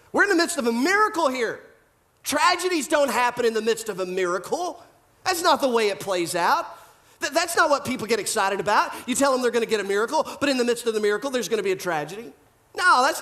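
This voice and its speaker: A male pastor preaching a sermon in an animated style, full of rhetorical questions and repeated phrases. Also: extremely high pitch, fast.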